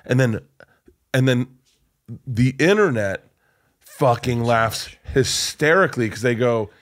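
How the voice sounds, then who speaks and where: A man hosting a podcast in casual chat, excitable, laughing hard and swearing often. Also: medium pitch, takes it slowly. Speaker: podcast host.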